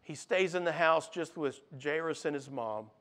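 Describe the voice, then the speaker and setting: A man with a high voice delivers a sermon. He preaches with animation, acting out the voices he quotes and sinking quiet and low on key lines. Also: normal speed. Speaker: pastor.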